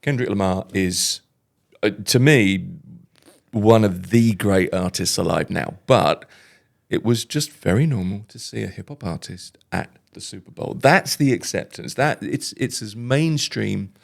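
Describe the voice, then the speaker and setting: A man's voice: fairly low pitch, lively intonation, measured pace, vocal fry. A man interviewing a guest in a casual conversation, giving brief prompts and asking follow-up questions. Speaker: podcast interviewer.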